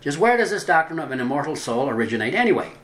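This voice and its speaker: A man giving scripted religious narration, deliberate, drawing out the words he stresses. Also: a little high, big pitch swings, fairly bright tone. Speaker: religious teacher. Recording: roomy echo.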